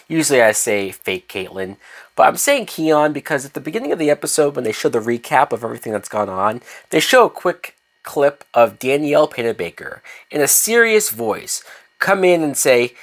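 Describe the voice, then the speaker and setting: A man's voice: mid-range voice, big pitch swings, moderate pace, fairly bright tone. A man reviewing a TV episode in a rant, exasperated and profane, firing off rhetorical questions. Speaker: TV show reviewer.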